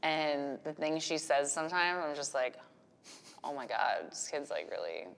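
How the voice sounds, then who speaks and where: Low-pitched woman guest, blunt and profane, lively storyteller; long room reverb. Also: moderate pace, gravelly, clean tone. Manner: frank, profane, animated storytelling. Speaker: podcast guest, business owner and mother. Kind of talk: candid casual interview talk.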